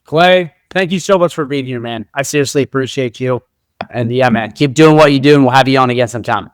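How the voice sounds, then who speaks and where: A man's voice: medium pitch, a little fast, clean tone, dry recording, studio quality. A man hosting a livestream interview, upbeat and speaking straight to the live chat. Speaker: host.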